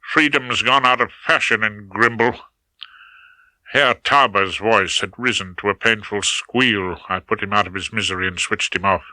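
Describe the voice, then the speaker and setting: A man's voice: fairly low pitch, normal speed, bright, forceful tone, dry recording, poor audio. A man reading a first-person audiobook with wry, dry humour. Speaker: audiobook narrator.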